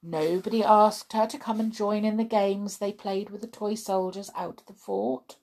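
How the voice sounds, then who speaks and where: A woman reading a children's story aloud in an expressive way, with chatty asides to her young listeners. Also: mid-range voice, normal speed.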